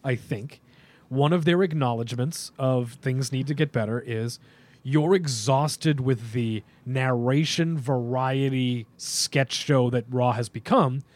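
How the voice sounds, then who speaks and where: A young man co-hosting a podcast, talking in an animated, opinionated, rambling way with plenty of fillers. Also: mid-range voice, takes it slowly. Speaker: podcast co-host. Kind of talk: casual podcast chat.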